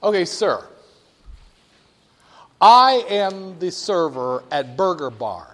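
A man playing a burger-joint server who makes a slow, folksy sales pitch. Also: very animated, a bit bright, heavily acted. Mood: salesy. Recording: long hall reverb.

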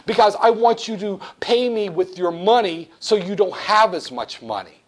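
Man doing a pushy trading desk, wheedling, insistent, slightly high voice. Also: expressive, normal speed. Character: pushy female central bank trading desk.

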